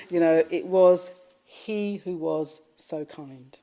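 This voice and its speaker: A woman giving a Buddhist dharma talk, gently telling a story with frequent fillers. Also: lowish voice, fairly even intonation, slow pace. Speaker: Buddhist teacher. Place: retreat talk at a Buddhist centre.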